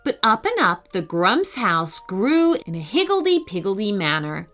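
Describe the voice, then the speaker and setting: A woman narrating a children's story in an expressive, playful storybook manner, with faint music behind. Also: mid-range voice, unhurried. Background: faint background music.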